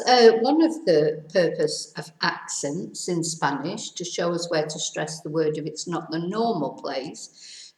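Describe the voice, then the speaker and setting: Slow-talking middle-aged woman teaching. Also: medium pitch. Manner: chatty, self-deprecating, explains step by step. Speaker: Spanish teacher. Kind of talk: casual spoken lesson. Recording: echoey room.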